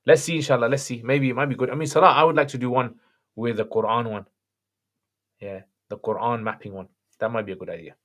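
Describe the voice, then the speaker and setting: Relaxed man hosting a livestream. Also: medium pitch, fast talker. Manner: relaxed, chatty, laughs between answers. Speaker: livestream host answering viewer questions. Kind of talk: casual chat.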